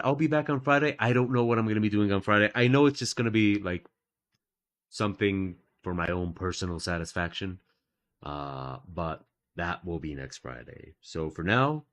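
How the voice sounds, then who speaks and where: A man with a low, deep-set voice hosts a casual live stream. His pitch swings freely up and down as he jokes and teases himself. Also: fairly bright tone. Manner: playful, jokey, often laughing at himself. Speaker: host of a live art stream. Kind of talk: casual chat.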